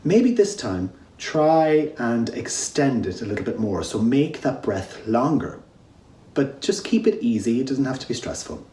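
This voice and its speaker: A man teaching a home drama lesson, guiding listeners step by step through voice warm-ups and breathing exercises. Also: mid-range voice, sing-song, measured pace, a little hiss or hum. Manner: encouraging, gives step-by-step instructions. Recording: echoey room.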